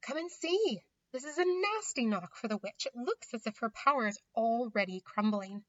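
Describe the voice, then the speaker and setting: A woman voicing an excited male beaver in a storybook reading, calling out in a high, delighted voice. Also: dry recording, muffled recording. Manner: high, quick, delighted shouting.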